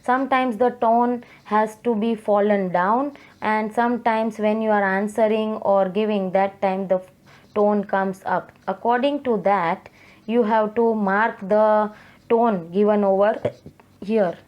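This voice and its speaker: A woman teacher walks students through an exercise. She speaks at a slow, deliberate pace in a mid-pitched voice, addressing them patiently. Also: steady tone, muffled recording. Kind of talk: recorded online English lesson.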